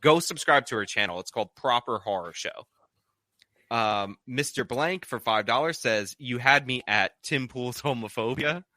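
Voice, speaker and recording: Bright-voiced man reading chat messages. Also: mid-range voice, moderate pace, no echo. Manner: reads donor messages aloud with many "like" fillers. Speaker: streamer reading super chats. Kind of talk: casual live-stream chat.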